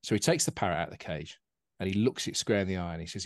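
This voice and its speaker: A man's voice: low voice, racing, no room sound, studio quality. Chatty man telling jokes. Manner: chatty, animated anecdotes with put-on voices. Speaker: podcast co-host. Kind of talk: casual chat and joke telling.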